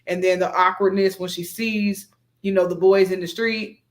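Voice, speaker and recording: A co-host in a casual TV recap chat, speaking in a thoughtful, measured way with hesitant pauses. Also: mid-range voice, flat delivery.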